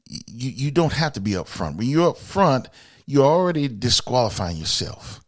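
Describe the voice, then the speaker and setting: A man holds forth in an opinionated podcast monologue, blunt and peppered with profanity as he lectures women directly. His voice sits at a middling pitch but leaps up and down expressively, jumping between loud emphatic bursts and quieter muttered asides. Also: very animated, brisk. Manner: voice swings from loud outbursts to low asides. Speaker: podcast host.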